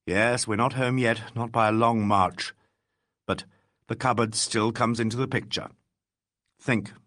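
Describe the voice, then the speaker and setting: A man voicing a calm, wry police inspector in a classic mystery audiobook. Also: mid-range voice, measured pace, close to an everyday voice.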